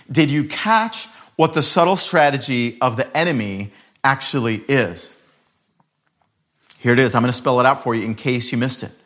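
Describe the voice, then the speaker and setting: With a fairly high-pitched voice, a man delivers a sermon as pastor, turning scripture into dramatic storytelling and frequently varying how fast and loud he speaks.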